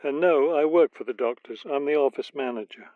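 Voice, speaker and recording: A man's voice: mid-range voice, a little fast, no room sound, natural voice. A man playing a caller ordering a phone line. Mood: cooperative. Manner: plain, cooperative answers. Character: polite male office manager calling to order a phone line. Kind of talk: scripted exam dialogue. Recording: tinny dry phone-like studio audio.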